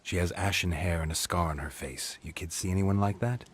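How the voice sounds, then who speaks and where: A gruff male monster hunter from a video game with a very deep, heavily gravelly voice. He speaks in short, blunt lines. His delivery stays flat and clipped. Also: a little fast. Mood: terse. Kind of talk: video game cutscene acting.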